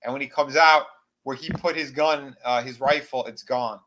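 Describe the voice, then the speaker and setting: A man chats through a horror film's plot with a co-host in a relaxed, rambling way. He slips into the characters' dialogue, his voice rising for the quoted lines, and he fills gaps with ums and you-knows. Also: medium pitch, normal speed, slight background noise. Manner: animated retelling, acts out character lines. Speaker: podcast co-host. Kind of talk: casual movie recap chat.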